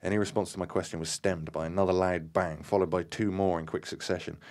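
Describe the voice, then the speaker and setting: A man with a very deep voice reads a supernatural story aloud. He stumbles and restarts often, adds casual remarks, and bursts into loud acted-out shouts for the characters. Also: level tone, fast. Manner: acts out shouted dialogue, many fillers and restarts. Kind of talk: reading aloud from a book with comments.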